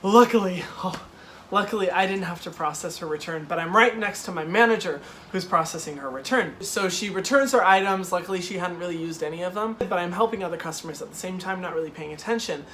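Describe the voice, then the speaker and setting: A young man hosting a casual chat, retelling a customer story in an animated, exasperated way with lots of "like". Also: high voice, a little fast, slight background noise. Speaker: host.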